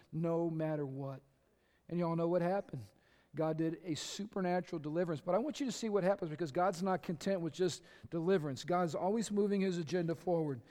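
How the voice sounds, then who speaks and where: A male pastor preaching an impassioned sermon that builds to shouts, recorded in a church sanctuary. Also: on the high side. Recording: echoey hall.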